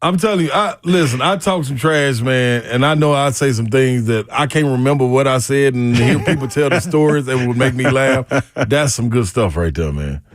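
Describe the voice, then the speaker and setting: A man's voice: mid-range voice, lively intonation, normal speed, no room sound. A man co-hosting a sports radio show, talking in laid-back, slangy banter. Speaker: radio co-host, former college basketball player. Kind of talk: casual sports radio chat.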